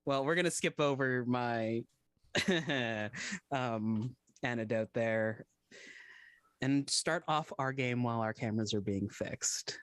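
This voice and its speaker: A man narrating a tabletop game as its game master, in a measured storytelling way. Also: mid-range voice, a bit bright, clear, resonant tone, dry recording.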